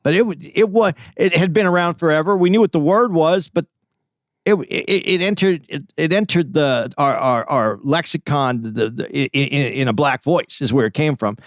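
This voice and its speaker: A man's voice: fairly high pitch, moderate pace, dry recording, studio quality. A man co-hosting a podcast, telling stories in casual chat with frequent restarts. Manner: reflective storytelling, many restarts. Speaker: podcast co-host.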